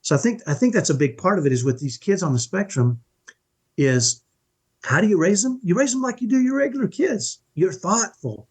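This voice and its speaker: Emphatic husky-voiced man. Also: high voice, animated, brisk. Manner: emphatic, earnest, keeps asking "right?". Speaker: podcast guest, parenting coach. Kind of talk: conversational interview.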